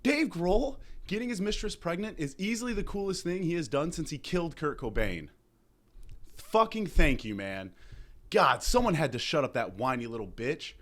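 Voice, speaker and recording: A young man tears through a satirical comedy rant, his pitch leaping all over as he swears and feigns outrage. He sounds hungover, sometimes dropping low and grumbling before shouting again. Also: big pitch swings, moderate pace. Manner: loud, profane, mock-outraged ranting with exaggerated impressions. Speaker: comedy podcast host.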